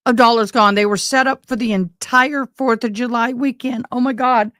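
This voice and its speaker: A woman's voice: on the high side, fairly even intonation, moderate pace, fairly bright tone, no room sound. A woman hosting a live stream, shaken and tearful as she talks to her viewers. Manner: shaken and tearful, keeps addressing viewers as y'all. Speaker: livestream host. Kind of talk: emotional live commentary.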